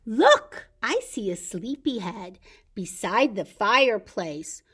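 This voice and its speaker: A woman librarian leading a baby story time, reading a picture book aloud, singing simple songs and making animal sounds in a sing-song, animated way. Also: mid-range voice, takes it slowly, slightly rough. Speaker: children's librarian.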